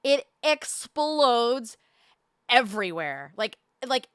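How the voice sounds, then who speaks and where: A young woman telling a story in casual chat, animated, full of fillers and swearing, close to the mic. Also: fairly high pitch, slow pace, clear, resonant tone, no echo. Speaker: podcast co-host telling a story. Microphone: close desk mic.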